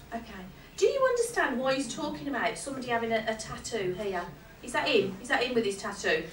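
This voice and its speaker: A woman's voice: fairly high pitch, big pitch swings, fairly quick, a little hiss or hum. A woman giving a medium's reading to a live audience, chatty and laughing often, checking in with her listener as she goes. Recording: echoey hall from far off.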